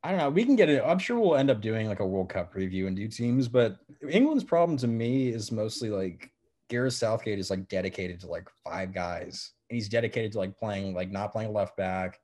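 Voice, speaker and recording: Low-voiced man, excitable and full of "like". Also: moderate pace. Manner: excitable, fills every phrase with "like". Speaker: podcast co-host. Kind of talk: casual sports chat.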